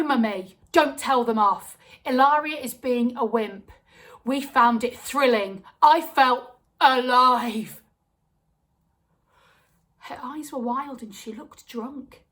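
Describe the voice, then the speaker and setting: Lively young woman telling a comic story. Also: fairly high pitch. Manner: lively, acts out quoted voices.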